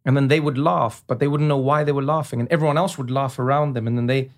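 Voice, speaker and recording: A man, a comedian talking as a guest in a casual interview, animated and quick to slip into imitations. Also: mid-range voice. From South Africa. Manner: animated storyteller, slips into imitations.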